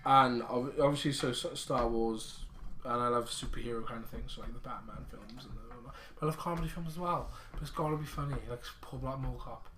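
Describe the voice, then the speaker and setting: A man's voice: mid-range voice, fairly quick, background noise. A young man co-hosting a podcast with friends, talking in an enthusiastic, jokey way. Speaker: podcast co-host. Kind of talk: casual chat among friends. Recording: roomy.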